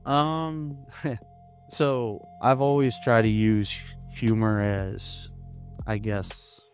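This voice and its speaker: A young man from Florida, a comedian guest in a casual interview, talking in a hesitant, halting way with many restarts. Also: mid-range voice, flat delivery, soft background music. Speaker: podcast guest, stand-up comedian.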